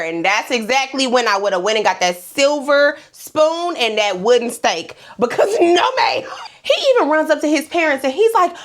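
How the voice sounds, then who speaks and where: High, lively woman recapping TV. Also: normal speed. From Louisiana. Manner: sassy, animated, talks straight to viewers with pet names; laughs often while talking. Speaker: host. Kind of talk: comedic TV episode recap commentary.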